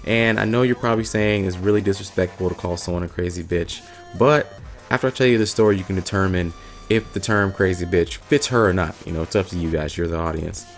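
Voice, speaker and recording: Over soft background music, a man vlogger with a low voice speaks briskly. He recounts a funny story from his past in a casual, blunt, profane, and animated way.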